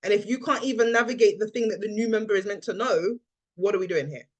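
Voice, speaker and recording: A woman's voice: medium pitch, quick pace. A woman, a team leader running a training call over video, speaking with energy and acting out the people she quotes.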